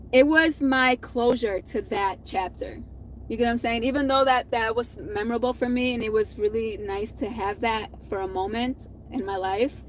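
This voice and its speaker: A woman's voice: on the high side, slight background noise, low-quality recording. A young adult woman telling a personal story in a casual vlog, candid and profane, laughing now and then. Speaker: vlogger.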